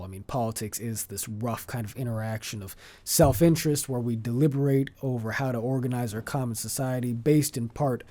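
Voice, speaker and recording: A man speaking as a podcast guest, measured and articulate in long flowing sentences, now and then restarting a phrase as he searches for words. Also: mid-range voice, dark tone. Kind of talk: conversational interview.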